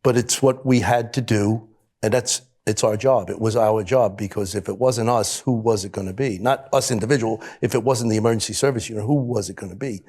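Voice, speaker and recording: A middle-aged rescue police officer earnestly recounts a rescue on a panel, halting and often restarting his sentences. His voice is fairly low, steady, a little mellow and husky.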